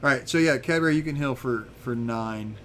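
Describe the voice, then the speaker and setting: A man running a tabletop game as game master, narrating in a relaxed, rambling way with many restarts. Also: mid-range voice, a little fast, slight background noise.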